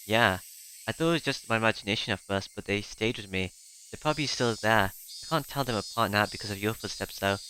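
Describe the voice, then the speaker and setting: A man's voice: fairly low pitch, a little fast, sharp tone, a little hiss or hum, low-quality recording. A man voicing a shaken, desperate teenage boy who stumbles and repeats himself urgently. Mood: anxious.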